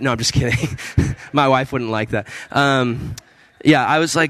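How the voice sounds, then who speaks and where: A chatty pastor in his thirties tells a story from the pulpit in an easygoing, animated way. He laughs often and leaps up high when exclaiming. His voice sits at an everyday male pitch and sounds dry and close. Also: brisk, no echo. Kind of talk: storytelling sermon.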